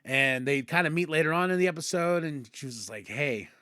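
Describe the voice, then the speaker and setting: Podcast host, male, excitable storyteller, fairly high voice, dry close sound. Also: fairly quick, clear, resonant tone, no echo. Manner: excitable, acts out characters' lines mid-story. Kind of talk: casual episode recap.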